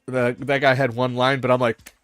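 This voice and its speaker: A man's voice: medium pitch, little pitch movement, moderate pace, a bit bright, clean tone, no echo. Laughing, rambling man on a panel call. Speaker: host. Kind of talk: casual panel chat.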